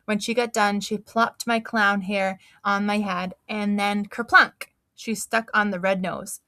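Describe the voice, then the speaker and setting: A woman reading a children's book aloud in an expressive, animated storytelling manner. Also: medium pitch, unhurried, no echo, studio quality.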